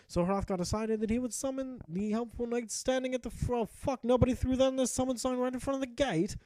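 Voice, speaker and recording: A man's voice: very high voice, steady tone, fairly quick, few pauses, mellow, dry recording. A young man narrating his gameplay as a mock-epic tale, jokey and profane with ranting asides. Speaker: gameplay commentator.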